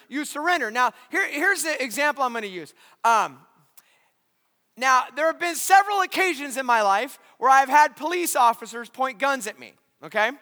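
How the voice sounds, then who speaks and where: Here the voice is very high-pitched and followed by a long reverb tail. It belongs to a Californian man preaching in a large church, an animated storyteller who acts out voices and shouts at the climactic moments.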